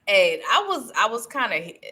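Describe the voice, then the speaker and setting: A woman co-hosting a casual podcast chat, laughing often and chiming in with quick reactions. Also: medium pitch, big pitch swings, bright, forceful tone, breathy edge. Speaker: podcast co-host.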